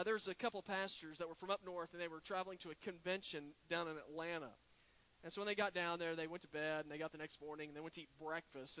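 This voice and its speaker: Male pastor, high bright voice, lilt, dramatic preaching with sudden hushed drops. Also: poor audio. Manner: preaching with dramatic drops to a hush and slow emphatic words. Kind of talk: sermon.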